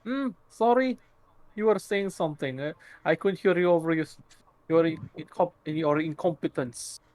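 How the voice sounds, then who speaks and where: A man voicing a gruff, sarcastic male hero with a Russian accent, stumbling over words. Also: fairly high pitch, normal speed, darkish tone, no echo, voice pushed up, close to an everyday voice. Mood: mocking.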